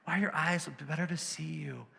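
A man's voice: a little high, fairly even intonation, fairly quick, vocal fry, sharp tone, big-room sound, exaggerated voice. A man voicing an innocent little girl from a fairy tale, asking naive questions.

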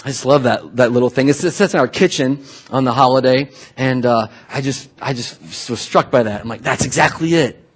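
A man preaching a sermon in a casual, animated way, often restarting his sentences. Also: medium pitch, moderate pace, breathy edge. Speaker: pastor.

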